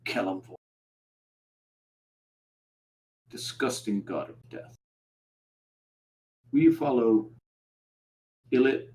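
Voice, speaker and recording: A man voicing a haughty, menacing male drow nobleman who speaks low, quiet and superior. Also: lively intonation, slow, rough recording. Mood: contemptuous.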